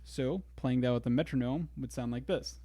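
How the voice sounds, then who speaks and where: A man teaching a drum lesson in a relaxed way, explaining grooves step by step. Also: mid-range voice, normal speed, heavy background noise. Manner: counts beats aloud, easygoing explaining. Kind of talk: casual instructional talk. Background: drum kit and metronome.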